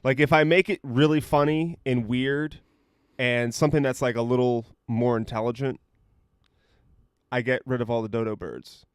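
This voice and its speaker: A man's voice: medium pitch, fairly even intonation, normal speed, smooth, no echo, studio quality. A young man co-hosting a podcast, telling stories in a rambling, profane way full of "like" fillers. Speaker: podcast co-host. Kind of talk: casual chat.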